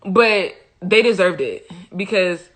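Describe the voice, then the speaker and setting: A young woman hosting a livestream, retelling a Bible story in a humorous, slangy, animated way into a phone mic. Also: mid-range voice, slow. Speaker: host. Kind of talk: casual Bible study retelling.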